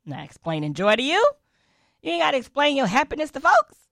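Woman, devotional host, chatty and encouraging, fry in the voice, dry sound. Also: sits high, huge pitch swings, fairly quick, fairly bright tone, no room sound. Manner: chatty, upbeat, playful asides and mock voices. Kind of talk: casual encouraging devotional talk.

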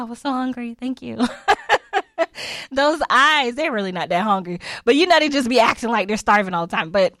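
A woman's voice: medium pitch, no echo. Chatty laughing woman in her forties. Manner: chatty, laughs often, animated storytelling. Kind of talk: casual personal monologue.

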